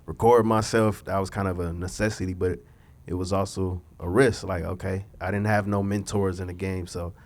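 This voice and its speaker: A young singer and songwriter from Los Angeles chats as a guest on a casual podcast, laid-back and reflective, using loose slang. His voice is deep and darkish, level in tone, at normal speed.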